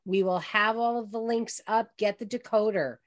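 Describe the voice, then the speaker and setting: A woman's voice: mid-range voice, steady tone, moderate pace. An older woman hosting an online radio talk show, telling heartfelt personal stories to her guest.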